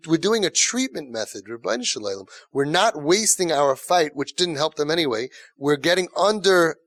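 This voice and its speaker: A man's voice: sits high, no echo, clean studio sound. A man lecturing parents as a parenting coach. He talks emphatically and repeats words for stress. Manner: emphatic, repetitive, animated.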